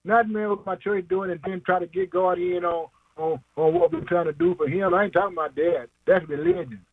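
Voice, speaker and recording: A man's voice: high-pitched, expressive, fairly quick, no room sound, phone-quality sound. A man preaching an informal sermon, emphatic and slangy, asking questions and answering them himself, chuckling often.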